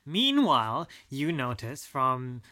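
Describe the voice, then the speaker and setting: A man narrating a tabletop role-playing game as game master, relaxed and unhurried, with frequent fillers. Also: medium pitch, dry recording, studio quality.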